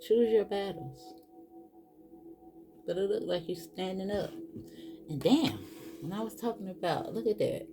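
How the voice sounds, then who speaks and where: A woman's voice: mid-range voice, measured pace, long pauses, music in the background. A woman, doing a casual tarot reading and talking straight to her viewers. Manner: animated, exclaiming, talks straight to viewers as boo and y'all. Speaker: tarot reader.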